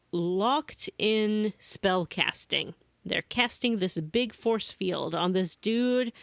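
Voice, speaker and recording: A woman co-hosting a casual gaming podcast, telling her playthrough as an animated storyteller who slips into mock voices for the characters. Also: mid-range voice, smooth, no room sound. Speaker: podcast co-host.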